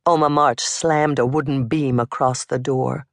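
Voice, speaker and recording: An audiobook narrator reads in a slow, measured, unhurried way. The sound is dry and close, with the voice sitting at a middle pitch. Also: steady tone, no room sound.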